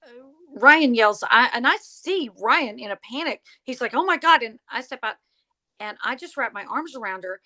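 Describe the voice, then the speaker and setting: A woman guest telling a story in conversation, animated, acting out the lines of the people in it. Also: fairly high pitch, moderate pace. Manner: animated, acts out quoted dialogue. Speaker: podcast guest, paranormal investigator.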